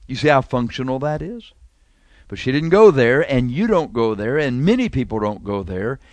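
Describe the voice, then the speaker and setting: A man preaching a sermon, animated, pressing rhetorical questions and drawing phrases out slowly for emphasis. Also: medium pitch, no room sound.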